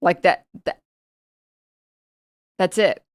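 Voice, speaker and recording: A woman's voice: drawn-out words, no room sound, clean studio sound. A woman streamer chatting casually and mocking her subject with sarcasm. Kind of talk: casual chat.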